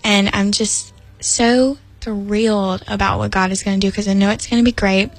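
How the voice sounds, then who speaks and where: A giggly, chatty woman hosts a casual Bible study broadcast. Her voice is dry and close, with no room echo. She talks warmly to her audience and often breaks into giggles. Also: mid-range voice, fairly even intonation, normal speed. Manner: giggly, chatty, uses "y'all" and "like".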